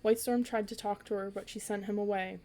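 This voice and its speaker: A woman's voice: mid-range voice, fairly even intonation, fast, mellow, lightly acted. A woman reading aloud as an impatient young female warrior cat who speaks bluntly and with agitation. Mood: agitated.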